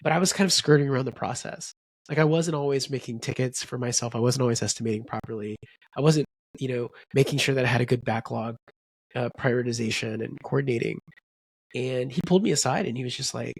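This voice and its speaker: A man co-hosting a podcast, speaking in relaxed casual chat with fillers. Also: mid-range voice, fast, creaky, husky, dry recording. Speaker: podcast co-host.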